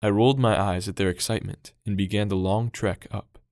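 A young man reading a scripted devotional in a calm, earnest way. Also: lowish voice, a little fast, no room sound, clean studio sound. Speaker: devotional reader.

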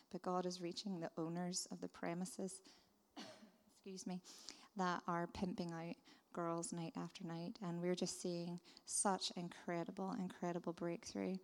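Woman, missionary testimony, earnest storytelling, gravelly fry, long hall reverb. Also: on the low side. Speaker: missionary speaker. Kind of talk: testimony talk.

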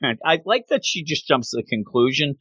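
Guy recapping a cartoon on a podcast, animated, jokey, voice all over the place. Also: on the high side, a little fast, husky, no echo. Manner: animated, joking storyteller. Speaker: podcast co-host. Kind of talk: casual recap of a cartoon episode.

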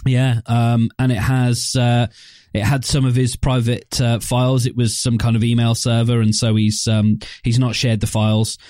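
Dude hosting a podcast, jokey, reads the segment intro, no room sound. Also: male voice, mid-range voice, little pitch movement, moderate pace, darkish tone, no echo, clean studio sound. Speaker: podcast host. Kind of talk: casual chat.

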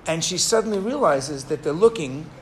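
A man teaching a Torah class, telling a story in an animated, digressive way and acting out the people in it. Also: a little high, normal speed, slight background noise. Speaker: rabbi teaching.

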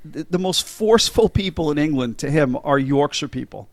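A man's voice: on the high side, animated, moderate pace, dry recording. A middle-aged man hosting a casual movie podcast, chatty and enthusiastic, with many fillers and restarts. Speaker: podcast host.

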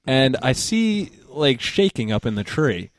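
A man's voice: medium pitch, very animated, unhurried, no echo. A man, a podcast guest, telling a rambling story in a casual chat, swearing freely and laughing as he goes.

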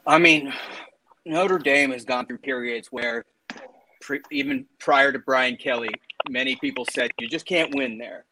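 A man with a mid-range voice speaks at a measured pace against a noisy background. As a sports podcast panelist, he chats casually about college football coaches, talkative and opinionated, laughing mid-sentence and between points.

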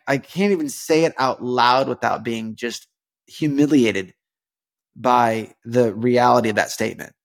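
A young man hosting a casual devotional podcast, talking in a rambling, earnest way with lots of fillers, restarts and sudden animated emphasis. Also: mid-range voice, gravelly. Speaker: podcast host.

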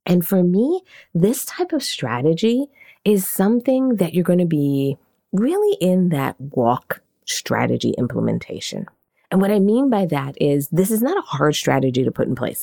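Animated low-voiced woman podcast host. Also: vocal fry. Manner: animated, conversational, leans on repeated questions. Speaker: podcast host and marketing coach. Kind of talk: casual teaching monologue.

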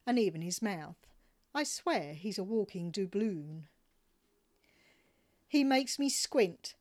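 A woman with an Australian accent, a podcast host reading a story aloud in a relaxed, wry manner. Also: mid-range voice.

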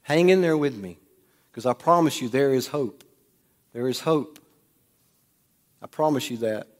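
A man preaching a sermon in a church, swinging between loud bursts and hushed, quiet lines. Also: mid-range voice, expressive, measured pace. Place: church sanctuary. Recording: long hall reverb.

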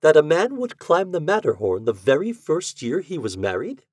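A man reading aloud voices a shrewd middle-aged wife in a storybook tale, asking pointed questions quietly. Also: a little high, huge pitch swings, moderate pace, dry recording, studio quality, voice pushed up.

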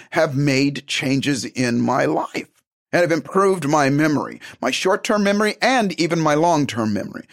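A man giving a motivational self-help talk, emphatic and animated, acting out little conversations as he goes. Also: a little high.

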